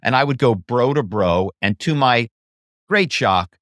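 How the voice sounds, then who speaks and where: A man tells stories as a podcast guest, animated and slipping into other voices to act out phone calls. His voice sits in a middle register. The recording is dry and close. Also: medium pitch, unhurried, no room sound. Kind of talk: casual interview storytelling.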